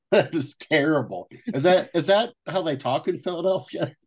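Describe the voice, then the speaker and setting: A man's voice: on the high side, normal speed, slightly rough. A young man co-hosting a casual comedy podcast, laid-back and laughing often. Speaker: podcast co-host.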